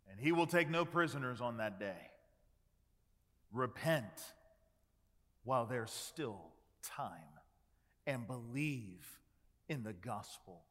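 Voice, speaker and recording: A man preaching a sermon, animated, acting out quoted voices and dropping to hushed tones. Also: a little high. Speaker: pastor. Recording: long hall reverb.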